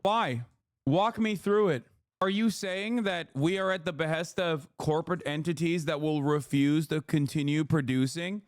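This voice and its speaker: A man in his thirties riffs on a political clip from his home stream, swearing freely and mocking his opponents. His voice sits high for a man. The recording is dry and close, with almost no room sound. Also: normal speed, no echo. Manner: profane, heated, mocking, mimics opponents in a shouting voice. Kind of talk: casual political commentary stream.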